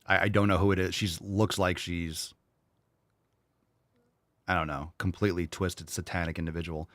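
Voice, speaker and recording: A man's voice: deep voice, flat delivery, normal speed, fairly bright tone, dry recording. A man hosting a livestream, ranting and mocking while he reads viewer chat aloud, heavy with swearing. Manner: profane, mocking rant. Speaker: host. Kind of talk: livestream commentary, reading chat.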